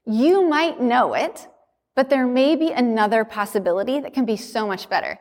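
Brief: upbeat woman coach addressing a conference room, animated delivery, reverberant hall sound. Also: fairly high pitch, moderate pace. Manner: chatty, animated, acts out quoted dialogue. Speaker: summit host and business coach. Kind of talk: energetic conference talk.

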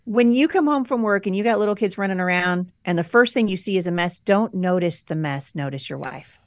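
A woman in her forties speaking as a podcast guest in candid conversation, emphatic and animated, jumping high when she acts out her past self. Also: brisk, dry recording, clean studio sound.

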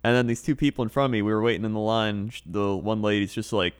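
A man's voice: lowish voice, steady tone, fast, hardly any pauses, smooth. A man co-hosting a casual chat podcast, telling anecdotes with laughs and put-on voices. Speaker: podcast co-host.

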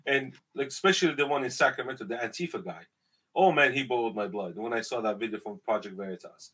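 Brief: Iranian-accented male guest, mid-pitch, breathy, emphatic storyteller. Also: quick pace, bright, forceful tone, poor audio. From Iran. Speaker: podcast guest. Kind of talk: casual conversation.

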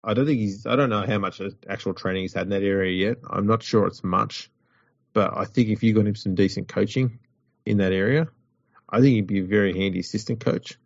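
A man's voice: fairly low pitch, fairly even intonation, a little fast, gravelly, dry recording. A man, co-hosting a sports chat show, rambling and wry. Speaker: podcast co-host. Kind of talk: casual chat. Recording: dull lo-fi audio.

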